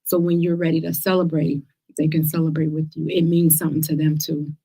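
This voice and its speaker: Direct, lively woman talk host, lower voice. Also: fairly quick, creaky, husky. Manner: lively, direct, speaks to listeners as girl and y'all. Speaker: host of a cancer survivor talk show. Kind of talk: casual livestream talk to viewers.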